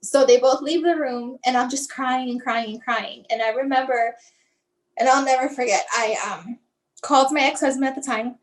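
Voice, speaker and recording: High-voiced mother telling an emotional story. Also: moderate pace, a little hiss or hum, rough recording. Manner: conversational, acts out what others said, many fillers like "like"; fragmented, restarting phrasing under emotion. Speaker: guest, mother sharing her son's story.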